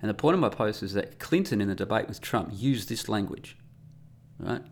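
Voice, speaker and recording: A man's voice: fairly low pitch, lively intonation, normal speed. A man hosting a casual solo podcast, talking in a sarcastic, mocking, rambling way. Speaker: podcast host.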